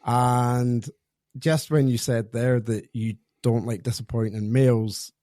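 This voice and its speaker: Podcast host, a man in his thirties: mellow, hesitant and reflective, recorded dry and close. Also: medium pitch, fairly even intonation, slow pace, no echo. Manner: hesitant, reflective, lots of restarts. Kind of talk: interview conversation.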